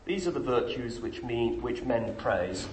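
Man preaching in an echoey hall. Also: unhurried. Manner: emphatic, rhetorical questions, lively pitch swings. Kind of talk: sermon. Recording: echoey room with faint noise.

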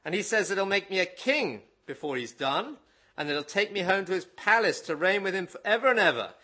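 A man voicing a rugged old Cornish miner and preacher, reading his tale aloud in a put-on Cornish accent with loud, rustic dialect. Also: high voice, animated, fairly quick, voice pushed up, exaggerated voice. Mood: defiant, rousing. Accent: attempted Cornish. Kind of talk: dramatic reading in a sermon.

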